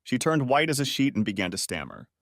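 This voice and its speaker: A man's voice: medium pitch, big pitch swings, fast talker, fairly bright tone, no echo, clean studio sound. A man narrating a first-person story in a dramatic, emotional way.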